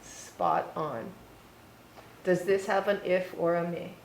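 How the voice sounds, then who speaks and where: Slow, encouraging woman in an echoey room. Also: on the low side, steady tone, creaky. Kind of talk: one-on-one reading lesson. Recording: echoey room with faint noise.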